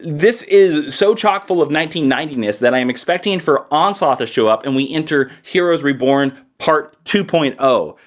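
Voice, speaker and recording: A man hosting his own comic review video, talking in an energetic, joking way with exaggerated enthusiasm. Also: on the high side, normal speed, few pauses. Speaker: comic book reviewer, channel host.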